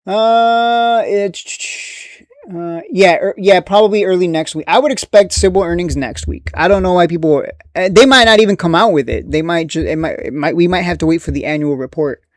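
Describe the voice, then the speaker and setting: A man's voice: sits high, moderate pace, no room sound, studio quality. A man giving casual live-stream commentary on stocks, rambling and profane, dismissive, with frequent restarts.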